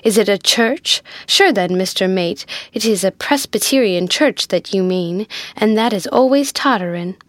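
A woman's voice: medium pitch, normal speed, few pauses, no echo, natural voice. A woman reading the part of a blunt, teasing maidservant. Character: Irish maidservant, blunt and joking.

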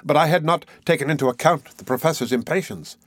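A man reading a classic novel aloud in a measured, expressive way. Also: fairly high pitch, no echo. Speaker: audiobook narrator. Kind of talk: scripted narration of a classic novel.

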